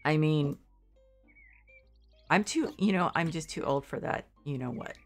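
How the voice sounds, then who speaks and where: Faint music sits behind this deep-voiced, congested middle-aged woman as she talks a little slowly over her game stream. Her commentary is casual and rambling, full of self-doubt and frequent restarts.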